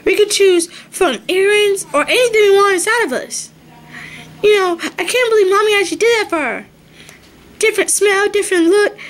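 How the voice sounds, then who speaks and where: Woman voicing a very high-pitched Easter egg girl, gushing, excitable, girlfriend chatter. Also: normal speed. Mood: excited.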